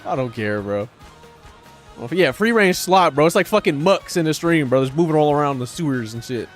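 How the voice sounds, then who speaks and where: A man's voice: on the high side, expressive, brisk, faint music behind. A man streaming live while gaming, talking to his chat in a profane, sarcastic, rambling way.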